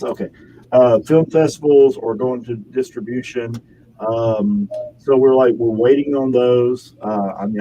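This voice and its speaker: Mellow-voiced man in rambling chat. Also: medium pitch, lo-fi sound, a little hiss or hum. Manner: rambling, self-correcting, chatty. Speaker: actor guest. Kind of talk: casual interview chat.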